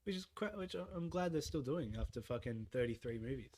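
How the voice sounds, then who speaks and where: A man's voice: medium pitch, expressive, brisk, a little mellow. A man with an Australian accent co-hosting a casual podcast, playful and joking, swearing casually. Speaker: podcast co-host. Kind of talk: casual chat. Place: studio room, live-streamed podcast.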